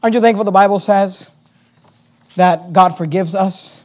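High-pitched preacher, booming in bursts. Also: male voice, fairly even intonation, moderate pace. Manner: preaching with surges of volume and emphatic repetition. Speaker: pastor. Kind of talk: sermon.

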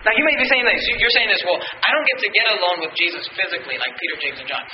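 A man preaching a sermon as pastor, reading scripture aloud and climbing to shouts on the quoted lines. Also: high-pitched, lively intonation, rapid-fire, slight background noise. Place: church sanctuary. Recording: roomy, dull church recording.

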